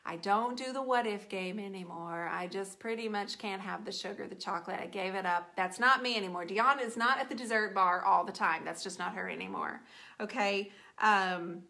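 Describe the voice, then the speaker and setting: A middle-aged woman paints furniture while chatting casually with her viewers, animated and playful, teasing some of them by name. Her voice is mid-range and gravelly, and she talks at a moderate pace.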